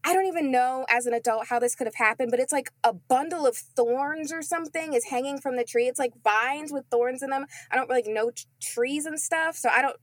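Young woman telling a profane, animated story. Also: high voice, brisk, few pauses, no echo. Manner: animated, profane, self-mocking, laughs often. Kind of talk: casual storytelling among friends.

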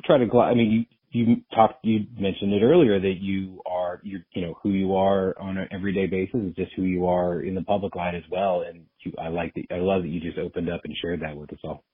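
A man's voice: deep voice, steady tone, brisk, few pauses, breathy edge, dry recording. A man hosting a casual podcast interview, affirming and appreciative toward his guest. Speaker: podcast host. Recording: dry, phone-like narrow-band audio.

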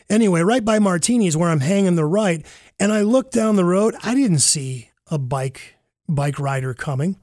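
A man casually recounting a personal mishap, animated and rambling, with fillers and self-corrections. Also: a little high, no echo, clean studio sound. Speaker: storyteller.

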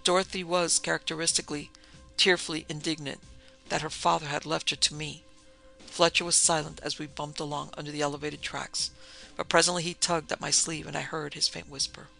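Bright, gravelly male audiobook narrator. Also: on the high side, flat delivery, brisk, soft background music, low-quality recording. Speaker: audiobook reader. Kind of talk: scripted narration.

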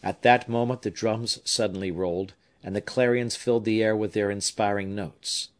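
A man reading a novel aloud as an audiobook narrator, measured and expressive. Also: on the low side. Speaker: audiobook reader. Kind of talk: scripted narration.

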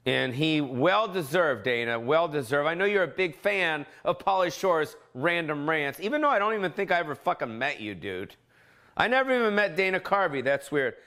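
Profane, animated man ranting solo. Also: fairly high pitch, a little fast. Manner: profane, animated, jumps into mock voices. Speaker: podcast host. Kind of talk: casual solo rant. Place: home.

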